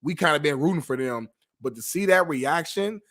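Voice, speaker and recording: A man co-hosts a sports talk show with animated, swearing banter. His voice sits a little high for a man. He reacts to his partner with loud exclamations. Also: normal speed. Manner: animated, reactive, profane, reads viewer messages aloud.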